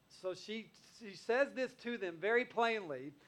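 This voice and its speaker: A man with a notably high voice delivers a sermon. He reads scripture and then retells it in earnest, conversational terms, sounding like a pastor talking plainly to his congregation. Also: unhurried, hardly any pauses, fairly bright tone. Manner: earnest, conversational preaching, paraphrasing scripture in everyday speech.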